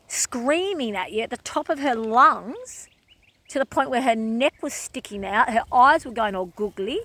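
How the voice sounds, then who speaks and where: A woman's voice: a little high, lively intonation, a little slow, sharp tone. A woman vlogger in an emotional personal monologue, speaking emphatically and repeating phrases over and over.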